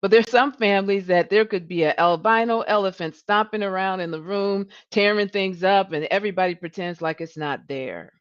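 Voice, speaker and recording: A woman hosting a coaching livestream. She talks in an animated way, often restarts and repeats words, and her voice rises when she gets passionate. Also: medium pitch, normal speed, hardly any pauses, clear, resonant tone, lo-fi sound. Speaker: leadership coach and livestream host. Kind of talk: coaching talk.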